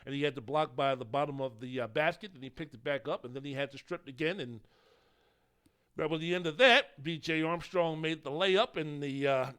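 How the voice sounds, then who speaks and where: A man's voice: a little high, brisk, a bit bright, clean tone. A man hosting a solo sports podcast, talking in a rambling, opinionated way and swearing casually. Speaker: podcast host.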